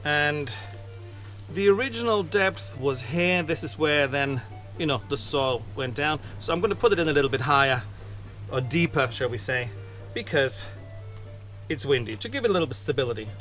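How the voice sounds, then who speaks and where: A man's voice: fairly high pitch, lively intonation, moderate pace, a bit bright, soft background music. A man hosting a gardening video outdoors in his garden, chatting casually through a how-to with self-mocking asides.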